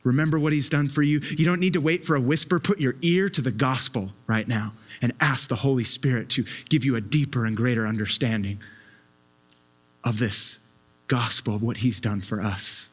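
A man's voice: mid-range voice, normal speed. A man preaching a sermon with an impassioned, emphatic delivery, often repeating his words as he presses a point.

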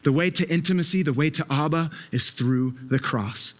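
A man's voice: fairly high pitch, normal speed. A man preaching a sermon with an impassioned, emphatic delivery, often repeating his words as he presses a point.

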